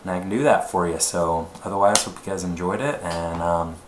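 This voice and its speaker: A male voice actor chats in a relaxed, low voice, full of ums and uhs. The room is echoey, with a faint hiss. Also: fairly quick. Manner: relaxed, many fillers. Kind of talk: demo reel commentary.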